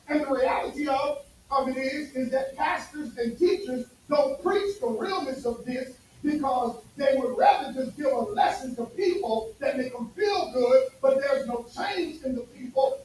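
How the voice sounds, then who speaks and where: A man preaching a sermon, talking emphatically with loud bursts and sudden drops to near quiet. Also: very high voice, moderate pace. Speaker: pastor. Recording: echoey room from far off, faint noise.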